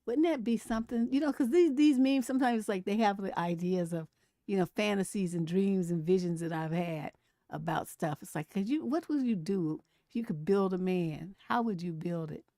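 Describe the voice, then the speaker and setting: A middle-aged relationship coach hosts a casual livestream, bluntly telling stories with lots of profanity and laughter. Her voice is warm and medium-pitched at normal speed, recorded in studio quality with no room sound.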